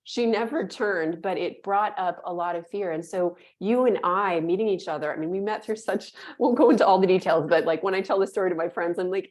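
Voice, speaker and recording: Animated woman telling her birth story. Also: fairly low pitch, a little fast, few pauses. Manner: animated, acts out inner voices in quotes. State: moved to tears at times. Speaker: podcast guest. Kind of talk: emotional personal storytelling.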